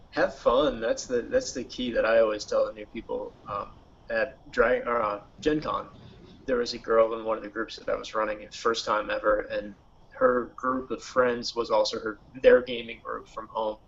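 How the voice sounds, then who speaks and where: Give me a relaxed man with a gravelly voice in a casual panel chat, recorded lo-fi. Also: lowish voice, normal speed, a little hiss or hum. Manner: relaxed, conversational, asks questions. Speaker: game designer, podcast panelist. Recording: dull lo-fi recording.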